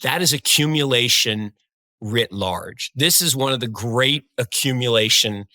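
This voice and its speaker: A man's voice: medium pitch, a little slow, dry recording. A man co-hosting a podcast, talking casually and enthusiastically about markets and telling stories. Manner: enthusiastic, animated storyteller. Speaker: podcast co-host.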